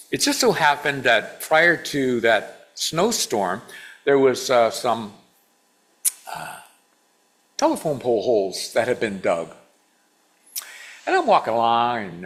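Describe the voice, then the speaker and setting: Man in his sixties, sermon storyteller, lively swooping pitch, asks the crowd questions. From Washington State. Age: 60s. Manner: animated, asks the audience questions, acts out his younger self. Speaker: guest speaker.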